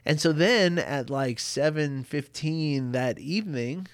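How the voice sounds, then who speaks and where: A man's voice: fairly high pitch, slow pace, dry recording, clean studio sound. A man hosting a talk show, telling a candid personal story in a reflective, rambling way with many fillers and frequent small laughs. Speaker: podcast host. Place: home.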